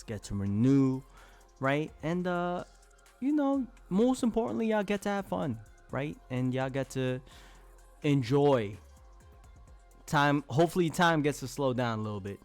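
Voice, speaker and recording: A man's voice: medium pitch, clean tone. A man chatting casually with his live-stream chat as host, playful and laughing often, trying out silly voices.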